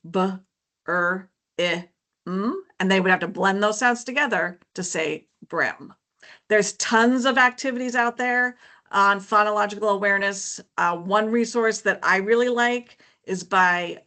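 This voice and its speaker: Woman educator, bright clear tone, teacherly parent talk, mid pitch. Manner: friendly teacherly explaining with frequent "um" and "okay, so". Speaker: educator presenting a parent workshop. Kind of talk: informative presentation.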